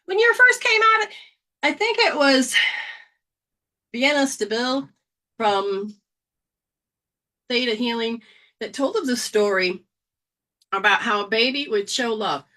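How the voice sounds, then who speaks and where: Animated woman teaching a healing lesson. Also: fairly high pitch, measured pace, pauses often. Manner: animated, acts out scenes, casual slang and mild swearing. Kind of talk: informal spiritual lesson.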